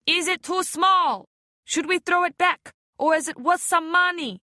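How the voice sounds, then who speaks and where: A woman reading the part of a dripping, panting fisherman who teases about throwing a child back, with drawn-out phrasing. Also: very high voice, pushed and bright, no room sound, clean studio sound, voice pushed up, exaggerated voice. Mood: mocking. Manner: teasing, drawn-out. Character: wet, panting adult fisherman, mocking and rough.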